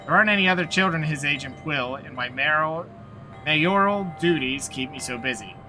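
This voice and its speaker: A man's voice: on the high side, lively intonation, moderate pace, pushed and bright, faint music behind. A man reading aloud the lines of a nervous, fussy woman village mayor from a video game, flustered and overly polite.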